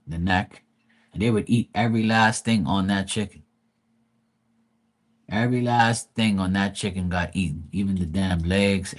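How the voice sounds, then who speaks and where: A middle-aged man hosting a livestream, telling rambling family stories in casual chat, swearing freely and acting out quotes. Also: low voice. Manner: profane, rambling, animated quoting of family. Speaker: livestream host.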